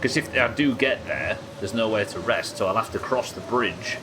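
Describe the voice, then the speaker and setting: A man's voice: fairly low pitch, normal speed, noisy background. A man chatting casually and swearing while he talks through a game on a live stream. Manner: chatty, swearing, thinking aloud. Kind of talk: casual gameplay commentary.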